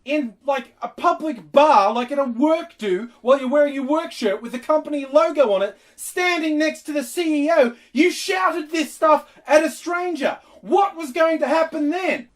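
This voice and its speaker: Super high pitched woman cohost yelling and cursing nonstop, podcast rant. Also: normal speed, hardly any pauses. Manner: furious, shouting, heavy swearing. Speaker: podcast co-host. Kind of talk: casual ranting commentary.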